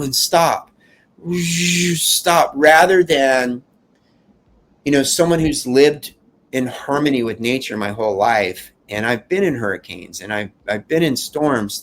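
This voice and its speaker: Man recounting a disaster, earnest and halting. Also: mid-range voice, slight background noise. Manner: earnest, halting, rambling with restarts. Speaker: fire survivor guest. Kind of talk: emotional first-person account.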